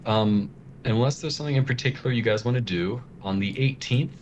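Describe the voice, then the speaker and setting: A man's voice: medium pitch, brisk, highs cut off, background noise. A man narrating as game master of a tabletop game, speaking hesitantly with many filler words.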